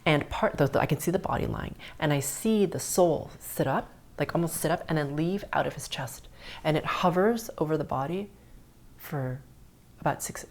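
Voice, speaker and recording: Podcast host, woman, middle-aged, low-pitched, earnest storyteller who slips into soft whispers. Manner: earnest, drops to soft whispers at tender moments. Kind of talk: personal storytelling on a spiritual podcast.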